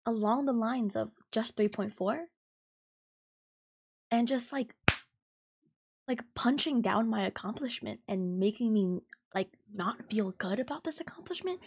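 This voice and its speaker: A woman in her twenties hosting a podcast, venting heatedly and profanely about a coworker, talking fast with lots of fillers. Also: fairly high pitch, darkish tone, slightly rough. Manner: fast and emphatic. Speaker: podcast host. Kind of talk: ranting storytime podcast.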